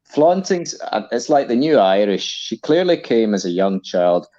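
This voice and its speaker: A man's voice: mid-range voice, big pitch swings, unhurried, mellow, dull audio. A man joining a casual livestream as a guest, telling long, rambling anecdotes. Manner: long-winded anecdotal storytelling. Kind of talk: casual live-stream chat.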